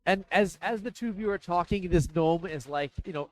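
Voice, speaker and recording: A man narrating as dungeon master, talking in a halting way with many fillers and restarts. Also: high voice, no room sound, poor audio. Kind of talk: narrating a tabletop game.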